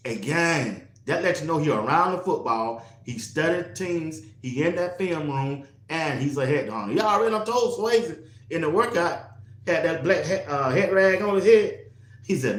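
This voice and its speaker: A man talks football in a loose, slangy way and laughs often. His voice sits a little high for a man. The sound bounces around a room with noticeable echo. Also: moderate pace. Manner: animated, laughing often, slangy trash talk. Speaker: sports talk host. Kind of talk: casual sports commentary.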